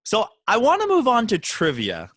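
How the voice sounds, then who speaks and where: Playful, lively male podcast host. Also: high voice, no echo. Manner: playful, joking, quick. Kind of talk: casual podcast chat.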